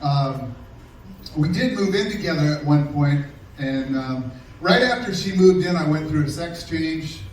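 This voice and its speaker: A middle-aged man doing a stand-up comedy set, telling sarcastic, deadpan stories about an ex and bantering with the crowd. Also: on the high side, a little slow, a little hiss or hum. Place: comedy club stage. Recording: echoey live room from a distance.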